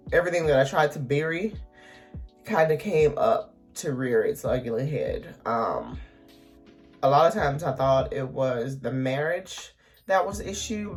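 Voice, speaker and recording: A woman in her thirties talking haltingly to camera at home in a confessional vlog, close to tears, full of ums and pauses. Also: a bass voice. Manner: hesitant, halting, many ums, emotional. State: on the verge of tears. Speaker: vlogger.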